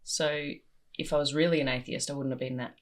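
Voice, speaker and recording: A woman's voice: very deep voice, a little fast. Candid, self-deprecating woman comedian. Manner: animated, self-deprecating, swears freely. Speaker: comedian and interview guest. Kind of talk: candid conversational storytelling.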